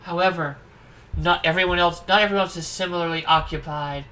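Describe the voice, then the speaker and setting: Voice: medium pitch, fairly even intonation, fairly quick, pushed and bright, low-quality recording. A streamer reading the narration of a horror dating game aloud, with irreverent, wry comments between passages.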